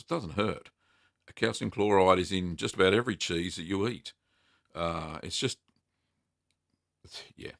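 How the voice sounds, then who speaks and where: Middle-aged man, casual live-stream host, chatty and cheerful; low, gravelly, bright voice, dry close sound. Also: no echo. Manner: chatty, upbeat, laughs often, many ums. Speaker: cheese-making livestream host. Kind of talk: casual live Q&A, reading chat aloud.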